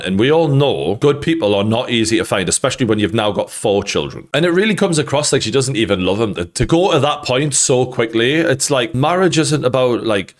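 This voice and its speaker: A man with a Geordie accent hosting a reaction commentary, blunt and opinionated and swearing freely. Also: mid-range voice. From North East England. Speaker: host.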